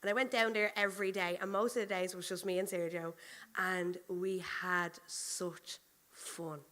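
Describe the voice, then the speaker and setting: A woman pastor preaching a sermon, chatty and animated, telling personal stories and often laughing as she goes. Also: lowish voice, measured pace.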